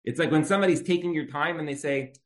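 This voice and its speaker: A man's voice: fairly high pitch, quick pace. A man teaching a Torah lesson in a conversational storytelling style, repeating key phrases for emphasis. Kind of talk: religious lecture with storytelling.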